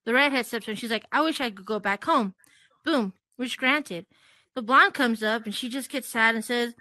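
Giggly woman comic, high bright voice, chatty stand-up delivery. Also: normal speed, no room sound. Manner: giggles between jokes, chatty. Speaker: stand-up comedian. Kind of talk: stand-up comedy set. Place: virtual reality comedy club.

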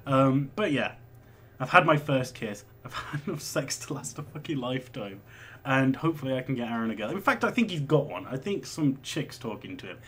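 A man's voice: mid-range voice, very animated, a little fast, a bit bright, slightly rough. A man in his twenties, chatting casually as a vlogger answering viewer questions, rambling and swearing as he goes. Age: 20s. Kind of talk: casual chat.

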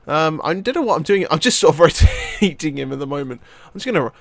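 A young man giving excitable, rambling let's-play commentary as he plays, swearing casually. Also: on the high side, a little fast, no room sound. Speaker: gaming video host.

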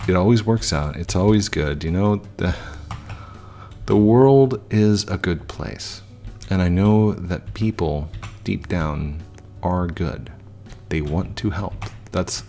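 Deep-voiced guy in his 30s chatting while he games, thinking out loud, soft music behind. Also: vocal fry. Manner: reflective, frequent restarts and fillers. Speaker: gaming YouTuber. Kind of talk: casual talk while playing.

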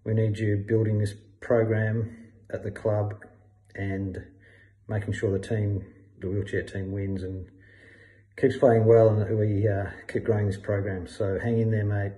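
A low-pitched Australian man with a warm, mellow tone speaks at an unhurried, drawn-out pace. His delivery is dry and jokey, as if recording a casual video message to a mate. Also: little pitch movement, muffled recording.

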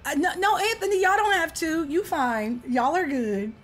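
Woman game streamer, high-pitched and playful, trash-talking teammates and chatting with viewers. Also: moderate pace. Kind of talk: casual livestream gaming chat.

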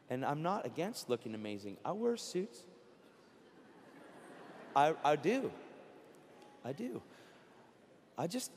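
A middle-aged man preaching a sermon at a conference, telling stories with quoted dialogue and building to near-shouting. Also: fairly high pitch. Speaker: guest preacher. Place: large conference hall. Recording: long hall reverb.

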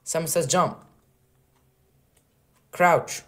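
A young man hosting a game server, commentating in a casual, excitable and joking way at a desk mic. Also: on the high side, extremely slow. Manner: excitable, joking and laughing, trolling players. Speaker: game server host and YouTuber.

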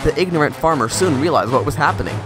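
A man reading a storybook tale aloud in a measured, expressive way. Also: fairly high pitch, music in the background. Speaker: narrator. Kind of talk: storybook narration.

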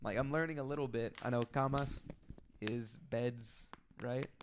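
A man's voice: mid-range voice, steady tone, unhurried, slight background noise. A man co-hosting a casual podcast, telling rambling stories about his job as a detention officer and acting out the people he quotes. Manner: rambling storyteller who acts out quoted people.

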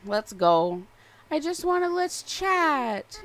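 A woman's voice: on the high side, animated, slow, long pauses, fairly bright tone, slight background noise. A young woman livestreaming a cozy game, chatting casually and gushing affectionately at the game characters. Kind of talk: casual live-stream chat while gaming.

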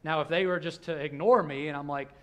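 A male pastor, preaching a sermon in a church with a conversational manner that swings between hushed and loud. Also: fairly high pitch, fairly even intonation, quick pace. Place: church sanctuary.

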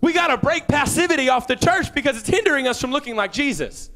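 A young man giving a fervent sermon as a guest preacher, rising to shouts and dropping into quick asides. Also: very high-pitched, expressive.

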